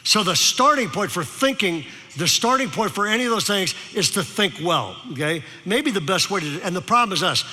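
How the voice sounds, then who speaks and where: This male pastor's sermon comes through a long, reverberant hall in a high-pitched, sharp voice. Between stories, he repeatedly asks the congregation "okay?" to make sure they're following.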